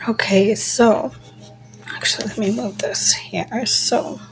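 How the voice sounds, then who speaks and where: A woman giving a casual tarot reading, musing slowly, trailing off with fillers and slipping into soft near-whispers. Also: fairly high pitch, steady tone, over music, poor audio. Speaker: tarot reader.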